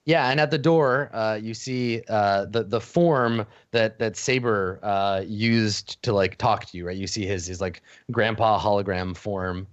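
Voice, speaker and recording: A man narrating a tabletop game as game master, halting, with many fillers and restarts. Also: on the low side, clear, resonant tone, dry recording. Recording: dull lo-fi dry audio.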